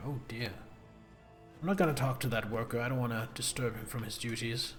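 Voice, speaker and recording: A man's voice: mid-range voice, fairly quick, soft background music. A man streaming a video game live, chatting with viewers and reading on-screen text aloud.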